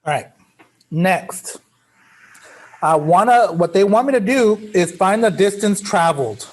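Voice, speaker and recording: High-voiced, joking male math teacher. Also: expressive, measured pace. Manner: casual, joking, chatty asides. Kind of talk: classroom lecture. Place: classroom.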